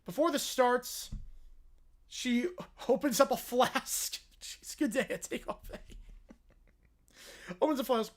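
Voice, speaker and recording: A woman's voice: fairly high pitch, lively intonation, takes it slowly, long pauses. A woman hosting a livestream, reading comedy sketches aloud and jumping into character voices. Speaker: livestream host.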